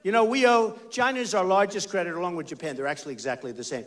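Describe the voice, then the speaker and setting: A man's voice: high-pitched, racing, fairly bright tone. A man in his sixties from the United States, giving a rambling, emphatic campaign rally speech on a stage mic. He repeats phrases and talks straight to the crowd. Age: 60s. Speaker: political candidate. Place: large rally venue.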